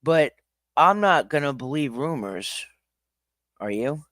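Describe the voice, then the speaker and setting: A man hosting a livestream, ranting with angry profanity. His voice sits a touch high and swings widely in pitch, though he talks slowly and deliberately. The sound is dry and close to the mic. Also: lively intonation, fairly bright tone, no room sound. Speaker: livestream host. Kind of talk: heated reaction livestream.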